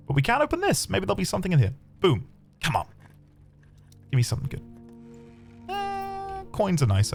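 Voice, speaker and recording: A man commentating his own game playthrough, chatty and excitable, talking to his viewers. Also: medium pitch, gravelly. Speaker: game streamer. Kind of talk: let's play commentary. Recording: faint background music.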